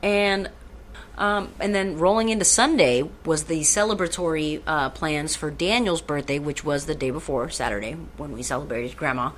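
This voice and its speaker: A woman's voice: deep voice, normal speed, slight background noise. A woman co-hosting a podcast in casual chat, rambling and swearing freely. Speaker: podcast co-host.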